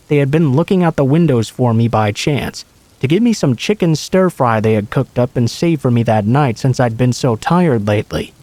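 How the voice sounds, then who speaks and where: Male narrator, scary story reading, mid pitch, dry close sound. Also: a little mellow, dry recording. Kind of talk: scripted narration of true scary stories.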